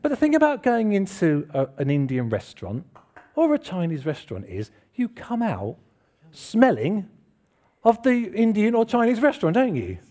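A man preaching in a relaxed, conversational way, his voice rising and falling with a lot of movement. It sits a little above the usual male pitch. He talks to the congregation, asks them questions and pokes fun at himself. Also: normal speed. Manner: chatty, self-deprecating, asks the congregation questions. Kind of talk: informal church sermon. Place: church hall with congregation.

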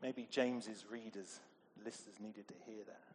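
A man's voice: lowish voice, steady tone, moderate pace, slight background noise. A middle-aged man preaching a sermon in a conversational way, asking his congregation questions. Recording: echoey hall with long reverb.

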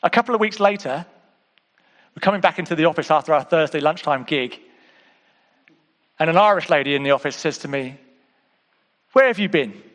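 A man preaches fairly quickly but pauses often, his high, lifted voice treating the congregation like friends. The sermon is conversational, full of repeated calls to the audience, dipping into near-whispered asides before bursting into emphatic exclamations. Everything rings out in a large hall with a long reverb.

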